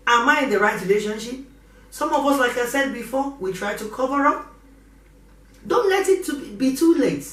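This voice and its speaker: A woman's voice: high-pitched, expressive, normal speed, fairly bright tone. A middle-aged woman pastor, preaching with passion and repeating her pleas. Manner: impassioned, repeats exhortations. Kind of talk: preaching sermon. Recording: roomy echo from a distance.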